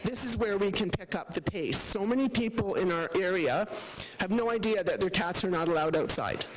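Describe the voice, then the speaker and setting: A woman's voice: medium pitch, animated, normal speed, slight background noise, rough recording. Chatty woman presenting to a council. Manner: chatty, loose, with many fillers. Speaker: animal rescue representative. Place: council chamber.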